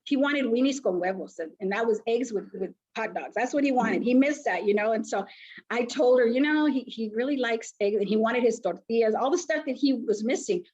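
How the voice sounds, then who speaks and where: A woman's voice: fairly high pitch, a little fast, slightly rough, muffled recording. Middle-aged woman telling a story. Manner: animated storyteller, acts out quoted voices. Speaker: foster agency founder and social worker. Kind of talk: storytelling interview.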